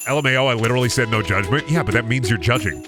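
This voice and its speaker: A man's voice: medium pitch, rapid-fire. A man streaming a farming game, chatting casually and crudely with his viewers in rambling, mock-dramatic riffs. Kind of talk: casual gameplay commentary. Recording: game music behind.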